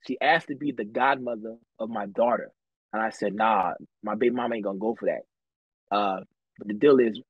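A man tells stories from his life on a podcast in a loose, slangy, profane way, often laughing. His voice is husky and mid-pitched. The sound is dry and a little dull. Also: no echo. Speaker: podcast guest telling his story. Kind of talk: casual chat, storytelling.

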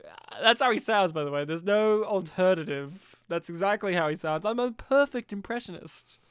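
A man's voice: sits high, lively intonation, normal speed, clear, resonant tone, dry recording. A man co-hosting a podcast in casual chat, joking, laughing often and slipping into silly impressions. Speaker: podcast co-host.

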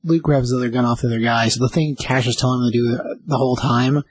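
A man's voice: mid-range voice, steady tone, fast talker, breathy edge. A man in casual chat, chiming in with short agreements and added details. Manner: short agreeing interjections and add-on remarks.

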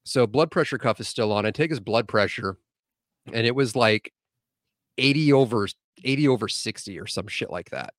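A man in the middle range of pitch tells a story on a podcast, animated and full of swearing. His voice sits close and dry against the mic, with no room sound around it. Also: moderate pace, dry recording. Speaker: podcast guest, medic. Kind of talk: casual storytelling chat.

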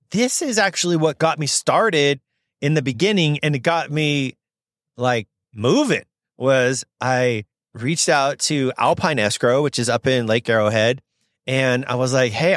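A man's voice: medium pitch, lively intonation, unhurried, fairly bright tone, dry recording, clean studio sound. A young man from Southern California, a podcast host telling a story in a chatty, upbeat way with lots of fillers. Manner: chatty and upbeat, many fillers, acts out quoted voices. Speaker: podcast host, notary signing agent.

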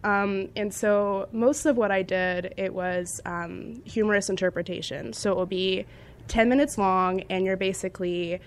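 A young woman talking in a relaxed, chatty way as she tells stories with plenty of energy. Her pitch sits in the middle range, and faint noise hums behind her. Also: moderate pace. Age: young adult. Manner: chatty, animated storytelling with frequent laughs. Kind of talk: casual chat.

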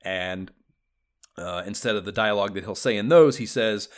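A man's voice: lowish voice, normal speed. A man co-hosting a casual gaming podcast, rambling and enthusiastic, swearing freely. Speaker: podcast co-host.

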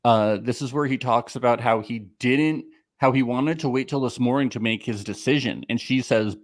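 A man's voice: medium pitch, moderate pace, hardly any pauses. A man co-hosting a casual podcast recap, joking around and slipping into silly voices. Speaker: podcast co-host.

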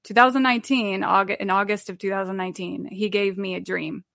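Earnest woman with a gravelly voice. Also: mid-range voice, steady tone, brisk, fairly bright tone, no echo, studio quality. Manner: earnest, rambling with many fillers and restarts. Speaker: guest. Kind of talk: sharing a personal faith testimony.

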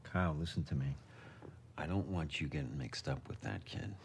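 A man's voice: a bass voice, expressive, normal speed, gravelly, a little hiss or hum, exaggerated voice. An actor playing a stern middle-aged father, a small-town sheriff, who talks in a firm, commanding way in a TV drama. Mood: stern warning. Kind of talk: TV drama acting.

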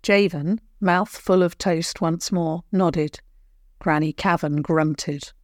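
An older woman, the regular storyteller of the show, reading a children's bedtime tale in a gentle, measured way. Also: lowish voice, no room sound, clean studio sound. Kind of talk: scripted children's story narration.

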